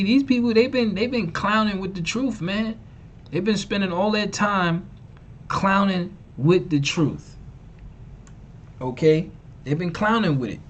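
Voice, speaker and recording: A man's voice: fairly high pitch, highs cut off. A man preaching on a live stream, emphatic and repetitive, mocking and slangy. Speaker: online preacher and teacher.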